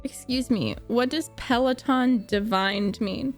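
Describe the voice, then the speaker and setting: A young woman streamer chatting casually with live viewers, gushing, animated and laughing often as she answers their comments. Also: mid-range voice, moderate pace, few pauses, faint music behind. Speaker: streamer reacting to a book series.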